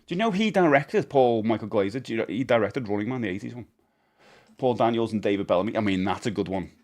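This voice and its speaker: A man's voice: on the low side, lively intonation, quick pace, a little mellow. A man hosts a live-stream Q&A from his home streaming room, talking into a desk mic. He rambles cheerfully, reads the chat's questions aloud and laughs readily at his own answers. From England. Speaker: livestreamer.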